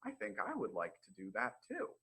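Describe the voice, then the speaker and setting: A man's voice: lowish voice, wildly swooping pitch, moderate pace, pushed and bright, breathy edge, heavily acted, rough recording. A man doing a naive cheerful young traveler. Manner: delighted, naive, talks to himself. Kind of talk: storytime read-aloud.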